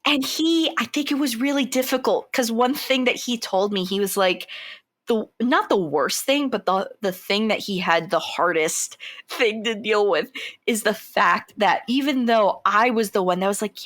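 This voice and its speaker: A young woman co-hosts a podcast, chatting casually with lots of energy. She gets animated easily and keeps jumping into high, squeaky impressions of herself and others. Her voice sits at an ordinary middle pitch. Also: moderate pace. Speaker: podcast co-host. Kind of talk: casual chat.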